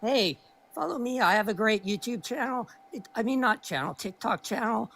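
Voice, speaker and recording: A woman's voice: on the high side, expressive, normal speed, gravelly, fairly bright tone. A woman calling in to a live stream, arguing politics and talking over the host while she is losing her voice. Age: older than 30. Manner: argumentative, talks over the host. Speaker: caller. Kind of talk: heated political argument.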